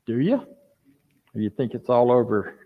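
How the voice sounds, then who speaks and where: An older man preaching a conversational sermon as a minister, lively and full of rhetorical questions to his congregation. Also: mid-range voice, moderate pace. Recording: dull lo-fi sound.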